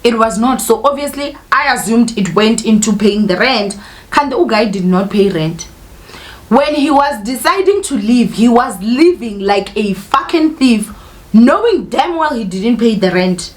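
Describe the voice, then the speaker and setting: A woman's voice: a little high, lively intonation, unhurried. A young woman vlogger telling a personal story in an emotional, candid way, often turning to speak straight to her viewers. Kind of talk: casual storytime monologue.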